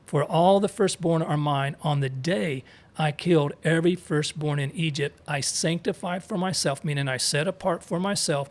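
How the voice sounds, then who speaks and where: Here a co-host leads an informal scripture discussion, reading verses out loud and stopping over Hebrew words to pronounce them. His voice sits somewhat high for a man, and his explanations come loose and conversational, full of asides.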